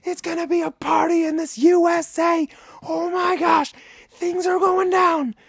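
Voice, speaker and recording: A shrill, shouting hype man bursts with over-the-top excitement, his voice jumping far above its usual register, as a man puts him on. The delivery is loud and breathless. It is recorded dry, with no room sound. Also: unhurried, gravelly, no room sound, full character voice. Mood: hyped.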